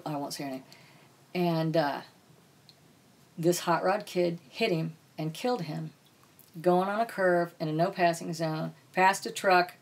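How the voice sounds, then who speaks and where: Woman, husky voice, lowish pitch, blunt casual storyteller, swears freely, podcast guest. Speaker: author guest. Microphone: podcast mic.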